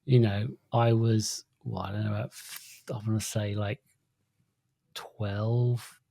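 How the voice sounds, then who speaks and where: A man's voice: lowish voice, little pitch movement, slow, creaky, dark tone, no echo, clean studio sound. A man co-hosting a podcast, telling stories in a playful, stammering way during casual chat. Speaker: podcast co-host.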